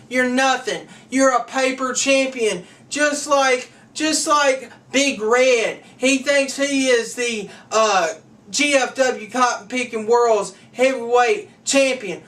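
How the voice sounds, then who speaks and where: High-voiced man ranting a wrestling promo. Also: bright, forceful tone. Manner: ranting, taunting, calls out rivals by nickname. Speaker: host of a fan wrestling show. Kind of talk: wrestling trash-talk promo. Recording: distant from the mic.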